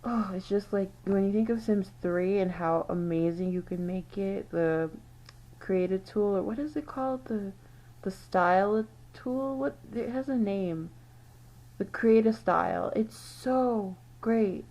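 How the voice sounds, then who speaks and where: A woman's voice: medium pitch, a little slow, warm tone, dull audio. A woman host giving casual, musing commentary on old game screenshots, often trailing off and correcting herself. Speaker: channel host.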